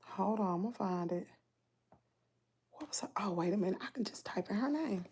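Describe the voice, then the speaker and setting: A woman's voice: mid-range voice, lively intonation, normal speed, darkish tone, husky. A woman vlogger with a Southern US accent, chatting casually to her viewers with lots of exclamations and asides.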